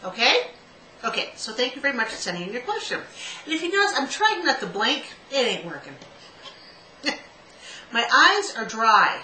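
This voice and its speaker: A woman's voice: a little high, big pitch swings, normal speed, pauses often, pushed and bright. A middle-aged woman hosting a casual love-advice video, chatty and self-mocking, stumbling over stone names and spelling them out. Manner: self-mocking, laughs at herself. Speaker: host giving love advice. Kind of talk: casual solo video talk. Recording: echoey room with faint background hiss.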